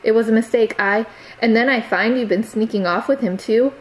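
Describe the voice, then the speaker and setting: A woman's voice: on the high side, a little fast, pitched above the performer's own voice, close to an everyday voice, low-quality recording. A woman reading aloud, voicing a stern, reproachful middle-aged aunt who lectures her niece. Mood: scolding.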